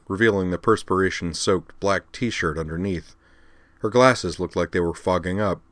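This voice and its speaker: A man with a fairly low voice reads a story aloud, giving the prose expressive, lively emphasis. The sound is close and dry, with no room around it. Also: no room sound. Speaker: narrator. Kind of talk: storybook narration.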